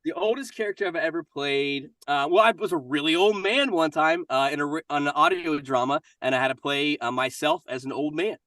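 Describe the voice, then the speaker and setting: A man in his forties with a Kentucky accent tells stories in a friendly, upbeat way. His voice is bright and forceful, and it sits a little back from the microphone in a dry, dead-sounding space. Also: fairly high pitch, brisk, hardly any pauses, no echo, recorded from a distance. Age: 40s. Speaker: guest voice actor. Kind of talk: casual interview chat.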